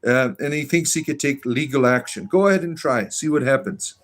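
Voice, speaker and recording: A man with a medium-pitched Southern US voice talks a little fast while hosting a livestream. He reads chat messages aloud, hesitating and restarting with lots of uh's, and his responses are defiant and sarcastic.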